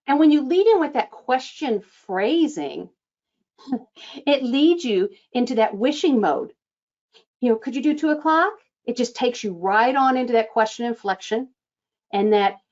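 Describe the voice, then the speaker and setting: A woman coaching front-desk staff on phone scheduling, acting out sample lines with lively changes of tone. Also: a little high, muffled recording. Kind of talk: instructional talk.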